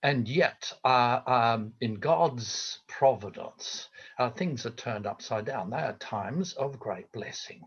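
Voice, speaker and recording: An older Australian man talks slowly and thoughtfully, with pauses and fillers, as an interview guest. His voice comes through a video call with dull, lo-fi sound. He sits at a middle pitch for a man. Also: expressive, breathy edge. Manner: measured, reflective, hesitant with fillers. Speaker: theologian guest.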